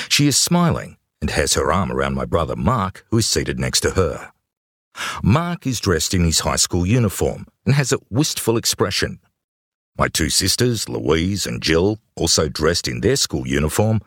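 A man's voice: very deep voice, a bit bright, slightly rough, no room sound, studio quality. A man reading his own memoir aloud in a wry, conversational storytelling manner. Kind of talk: audiobook memoir narration.

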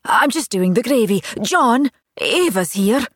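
A woman's voice: on the high side, animated, no echo, clean studio sound, voice pushed up. A woman doing a fussy, chatty mum. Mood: fussing. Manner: fussing, talkative and brisk. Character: bustling chatty middle-aged mother.

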